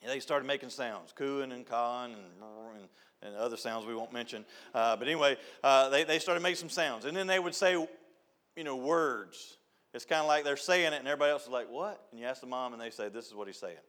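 A man's voice: mid-range voice, brisk, fairly bright tone. An older man giving an informal church talk, folksy and storytelling, often repeating a refrain. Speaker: youth director.

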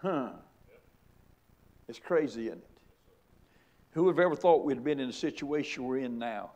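Preacher guy, middle-aged, hammering questions at the congregation, ordinary mid pitch. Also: lively intonation, normal speed, darkish tone. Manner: emphatic preaching with repeated rhetorical questions. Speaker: pastor. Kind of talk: sermon.

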